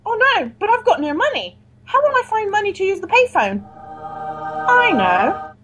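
A woman playing a clingy, desperate, high-voiced ex-employee. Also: big pitch swings, measured pace, a bit bright, faint music behind, exaggerated voice, rough recording. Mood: scheming. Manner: pleading, melodramatic, says his name constantly. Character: clingy, desperate woman begging for her job back. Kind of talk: improvised comedy sketch.

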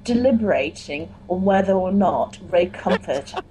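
A woman's voice: fairly low pitch, lively intonation, normal speed, warm tone, a little hiss or hum, rough recording. A woman co-hosting a comedy podcast, giggling, swearing and apologizing in casual chat. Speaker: podcast co-host.

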